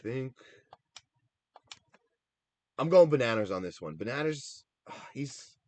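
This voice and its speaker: A man with a fairly low voice co-hosts a casual recap show. He rambles with enthusiasm, often wanders off on side stories, and jumps back to his picks. The recording is close and dry, with no room echo. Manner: rambling, enthusiastic, goes on tangents. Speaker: podcast co-host. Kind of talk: casual chat about game picks.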